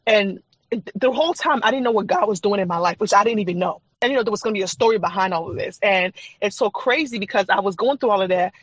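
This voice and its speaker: Woman, podcast guest, earnest personal storytelling, rapid delivery, dry sound. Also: mid-range voice, breathy edge, dry recording, poor audio. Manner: earnest, candid, chatty with frequent fillers and laughs. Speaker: podcast guest, faith and trauma coach.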